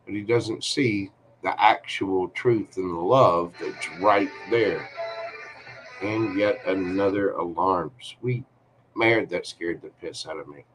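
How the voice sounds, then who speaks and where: A man's voice: sits low, fairly bright tone, soft background music. A man giving a live-streamed tarot reading, talking to the viewer in a chatty, reassuring way. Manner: slow, chatty, reassuring, talks to viewer directly. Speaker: tarot reader.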